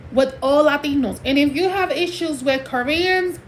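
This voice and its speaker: A high-voiced woman from Puerto Rico delivers a heated, emphatic livestream rant, dropping into Spanish now and then. A faint hiss of noise sits under her voice. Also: moderate pace, low-quality recording. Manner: heated, emphatic, switching between English and Spanish.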